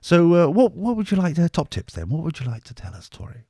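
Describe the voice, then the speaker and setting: A man's voice: on the high side, wildly swooping pitch, quick pace, mellow, breathy edge, no room sound. A man co-hosting a casual podcast, teasing his guest and laughing often. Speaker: podcast co-host. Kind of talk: casual banter.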